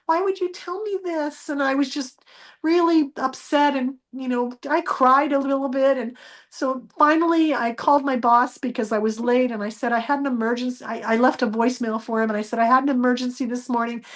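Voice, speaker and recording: A woman telling a personal story as a guest, acting out the dialogue with lively changes of voice. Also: high-pitched, fairly quick. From United States. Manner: animated, acts out quoted dialogue.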